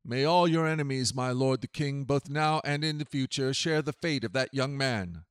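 A man's voice: mid-range voice, normal speed, clean tone, no echo, studio quality, close to an everyday voice. A man voicing a formal messenger who declaims his news to a king.

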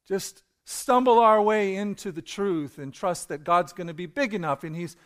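A man preaching a sermon as pastor, reading scripture dramatically and rising to loud emphasis. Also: high voice, normal speed.

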